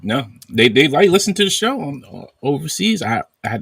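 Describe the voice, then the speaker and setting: A man hosting a podcast in casual chat, animated and reading out viewer chat messages. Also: fairly high pitch, moderate pace, creaky, slightly rough, no echo. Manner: animated, reads super chats aloud. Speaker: podcast host.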